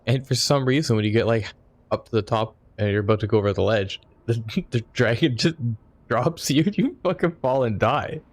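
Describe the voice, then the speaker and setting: A man's voice: mid-range voice, normal speed. A young man streaming a video game, commenting casually with crude, profane jokes.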